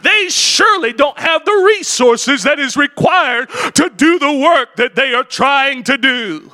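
Man voicing a high, sharp-toned mocker, loud and sneering, in a sermon. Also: animated, a little slow, heavily acted. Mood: mocking. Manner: shouting, sneering taunts. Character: scornful male enemy mocking the builders.

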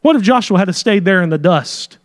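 A man's voice: high voice, expressive, moderate pace. A man preaching a sermon with fervor, sometimes dropping into folksy asides. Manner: fervent, acts out quoted prayers.

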